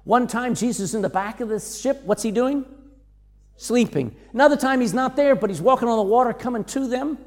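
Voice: medium pitch, brisk, a little mellow, in a large hall. A preacher giving a sermon, reading verses aloud and acting out the voices of the people quoted. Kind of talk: sermon teaching on scripture.

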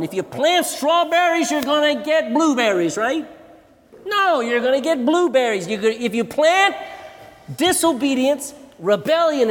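A man preaching a sermon to children, animated and asking them questions. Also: extremely high pitch. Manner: animated, asks the audience questions. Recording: long hall reverb.

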